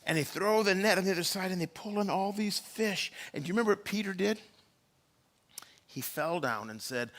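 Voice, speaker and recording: A man's voice: high voice, lively intonation, normal speed, a bit bright. A man preaching a sermon in a church, telling the story and acting out the quoted lines. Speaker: pastor.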